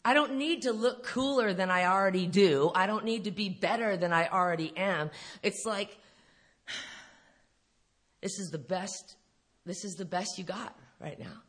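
A woman's voice: medium pitch, a little slow. A middle-aged woman telling her story to a recovery meeting, blunt and profane, laughing often as she talks. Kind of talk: candid storytelling talk to an audience. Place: live speaking event.

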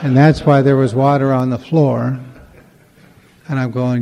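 Gravelly man telling recovery stories. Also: mid-range voice, steady tone, unhurried, pauses often, in a large hall, crowd noise. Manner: conversational, acts out dialogue, wry humor. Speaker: recovery meeting speaker. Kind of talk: storytelling talk to a recovery meeting.

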